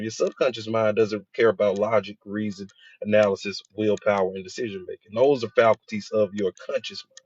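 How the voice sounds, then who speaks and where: A man's voice: lowish voice, slightly rough, no room sound, dull audio. A man, a hypnotherapist, giving a casual motivational talk and telling his own stories with quoted voices.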